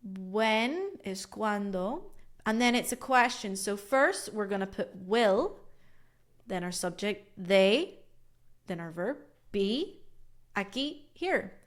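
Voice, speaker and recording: Bilingual woman teaching English. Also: medium pitch. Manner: switches between English and Spanish explanations, models phrases slowly. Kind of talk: live online language lesson. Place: lives in Cantabria, Spain.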